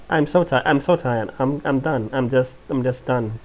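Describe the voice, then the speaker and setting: A woman's voice: extremely low pitch, moderate pace, hardly any pauses, darkish tone. A woman, sick and congested, casually playing a video game and reading her dialogue choices aloud. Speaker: gaming video host. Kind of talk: casual let's-play commentary.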